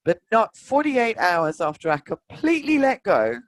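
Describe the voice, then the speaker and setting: A woman, a spiritual teacher, telling a personal story in an emotive, animated way. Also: mid-range voice, moderate pace, no echo.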